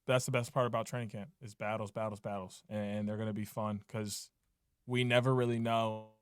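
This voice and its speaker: A young man co-hosting a sports podcast, chatting casually with quick, sarcastic asides. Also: fairly low pitch, level tone, clear, resonant tone, no echo, studio quality. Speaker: podcast co-host.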